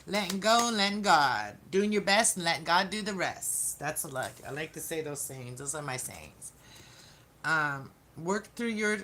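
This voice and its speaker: A woman's voice: lowish voice, a bit bright, a little hiss or hum. A woman giving a casual live-streamed tarot reading, chatting to viewers and often restarting her sentences. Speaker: tarot reader.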